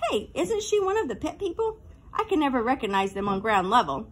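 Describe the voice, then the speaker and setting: A woman's voice: sits high, big pitch swings, fairly quick, breathy edge, heavily acted. A woman voicing a laid-back, knowing fifth-grade boy who talks in breezy, conspiratorial asides, in a storybook reading. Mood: wry.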